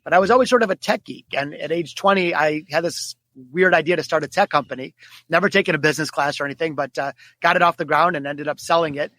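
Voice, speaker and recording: Man, 40s, podcast guest, quick energetic storytelling, slightly high voice. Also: dry recording. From Detroit, United States. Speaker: guest author. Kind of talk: podcast interview.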